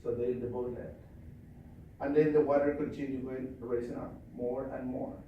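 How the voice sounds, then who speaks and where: A male trainer telling a story at a live seminar in a forceful, commanding, repetitive way. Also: medium pitch, fairly even intonation, moderate pace, highs cut off, slight background noise. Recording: echoey hall from far off.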